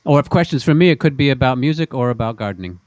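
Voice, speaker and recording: A man's voice: mid-range voice, animated, fast talker, darkish tone, no room sound, studio quality. A man hosting a casual online show, rambling and joking, often repeating words as he goes, over a video call. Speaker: host and singer.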